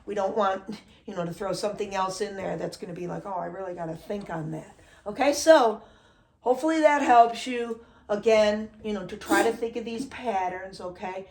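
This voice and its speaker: A woman's voice: medium pitch, normal speed, darkish tone. A middle-aged woman teaching a drum lesson in a casual way, checking in with a constant "okay?" and counting beats aloud. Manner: says "okay?" after most phrases, counts beats aloud.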